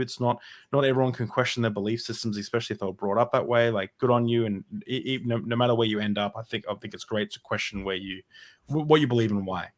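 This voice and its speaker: A man's voice: fairly low pitch, fast talker. A man talking as a podcast guest, telling his personal story in a casual, rambling way with many fillers and restarts.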